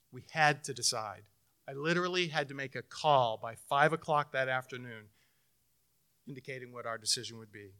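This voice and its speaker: Swinging from forceful, loud passages to quiet, intimate ones, a middle-aged man delivers a sermon as pastor while recounting something from his own life. His voice is a little high and smooth.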